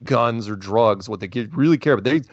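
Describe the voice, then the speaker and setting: A man hosting a call-in show, talking casually in a rambling, animated way and often restarting his sentences. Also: on the low side, a little fast, no room sound. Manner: rambling, animated, self-interrupting. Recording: dull, lo-fi phone-style sound.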